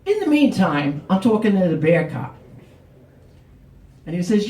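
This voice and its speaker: A man's voice: high-pitched, measured pace, long pauses. A middle-aged man telling a personal story live, acting out the other people's lines. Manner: animated, acts out the cops' lines. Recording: roomy, distant mic.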